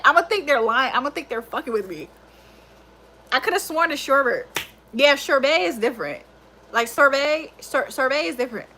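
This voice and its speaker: Bright, high-voiced woman chatting on a livestream. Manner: animated, laughing often, swearing freely. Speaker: livestream host. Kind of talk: casual livestream chat.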